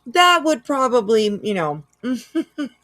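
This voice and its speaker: A woman's voice: a little high, very animated, slow, a bit bright. A woman hosting a casual reaction livestream, chatty and laughing often as she reads out chat. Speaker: livestream host.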